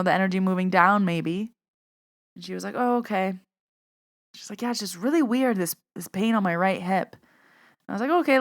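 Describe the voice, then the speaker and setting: A young woman hosts her own podcast and tells a story in a loose, conversational monologue. She acts out the back-and-forth of a conversation as she goes, with a voice that sits at an ordinary middle pitch. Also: smooth. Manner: chatty, retells conversations with quoted dialogue. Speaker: podcast host and medium.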